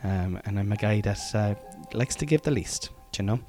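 A man with a Cork Irish accent talks at his podcast mic in a casual, rambling way, self-mocking and peppered with ums and restarts. His voice sits a little on the low side, and faint music hums underneath. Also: moderate pace, few pauses, dark tone. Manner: chatty, self-deprecating, full of fillers and restarts. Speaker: comedian and podcast host.

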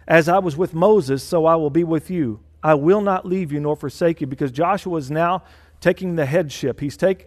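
A man's voice: a little high, a little mellow, in a large hall. A man preaching a sermon as senior pastor, emphatic and repeating phrases for stress. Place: church.

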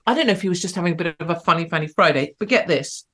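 Sarcastic woman host, lowish voice. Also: animated, racing, breathy edge. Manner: provocative, sarcastic, big swings in pitch and loudness. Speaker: host of an online show. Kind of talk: live-stream commentary with chat.

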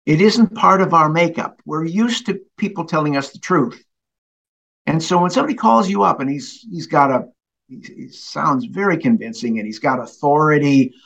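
An older man, a consumer protection official, telling stories in a relaxed interview and chuckling along the way. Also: on the high side, moderate pace, creaky, dull audio. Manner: animated, chuckling storyteller. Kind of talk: conversational interview storytelling.

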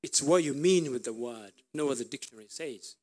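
A man preaching a sermon, telling a story with pauses and restarts. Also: mid-range voice, a little mellow. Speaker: pastor.

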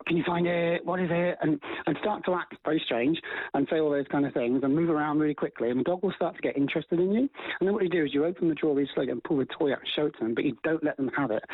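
A man talks quickly and eagerly, his words tumbling out with plenty of ums and restarts. He is on a thin, tinny phone line with a dry sound. He explains dog training as a guest on a radio programme. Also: mid-range voice, husky, dry recording. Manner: fast, animated, many fillers and restarts. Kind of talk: radio interview advice.

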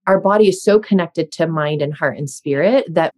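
A woman's voice: low voice, normal speed, a little mellow. A woman in her thirties hosting a conversation, chatty and self-deprecating, laughing often as she talks. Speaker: host. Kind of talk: casual podcast chat.

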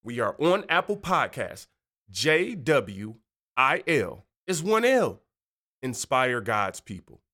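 A man's voice: mid-range voice, big pitch swings, slow, sharp tone. Chatty podcast host guy, voice jumps all over, playful, keeps going off on tangents. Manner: chatty, slangy, goes off on tangents; playful, slips into joking voices. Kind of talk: casual faith podcast monologue.

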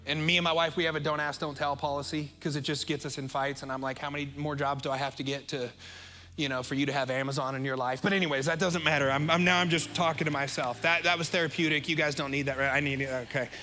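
A middle-aged man with an American accent preaching a sermon as pastor, earnest and openly emotional, slowing right down on key phrases. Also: fairly high pitch, level tone, sharp tone, a little hiss or hum. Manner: emotional, earnest, speeds up and slows down for emphasis.

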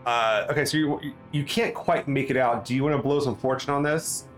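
A man's voice: medium pitch, fairly quick, soft background music. Rambling male game master. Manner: rambling, full of fillers and restarts. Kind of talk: narrating a tabletop game.

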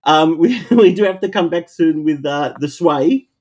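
A man hosting a podcast, with a voice a little higher than most men's. He keeps the chat relaxed and laughs easily as he thanks his guest and winds things down. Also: a little slow. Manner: friendly, laughs easily, wraps up the segment. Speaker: podcast host. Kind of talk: casual chat.

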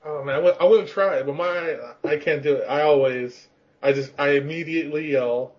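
A man with a slightly high voice tells rambling, self-mocking stories in a casual podcast chat. He laughs often between his words. The recording sounds a little dull and lo-fi. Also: fairly even intonation, a little fast. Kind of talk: casual storytelling chat about gaming rage.

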